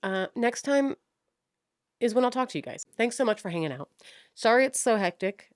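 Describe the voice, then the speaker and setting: A woman's voice: fairly high pitch, lively intonation, normal speed, no room sound, studio quality. Frank, swearing young woman podcaster. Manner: frank, swears often, scattered and self-mocking. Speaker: podcast host. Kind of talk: casual rambling monologue.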